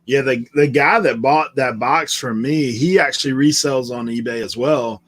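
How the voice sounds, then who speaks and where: A man's voice: mid-range voice, moderate pace, a bit bright. A man from the Outer Banks with a mixed Southern and Outer Banks accent, rambling through stories in a casual live-stream chat. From Outer Banks, North Carolina. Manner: rambling, storytelling, laughs easily.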